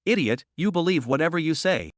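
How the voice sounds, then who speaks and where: A man's voice: fairly high pitch, lively intonation, fairly quick, no room sound, clean studio sound, lightly acted. A man voicing a wealthy young man who speaks curtly and mockingly. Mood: cold.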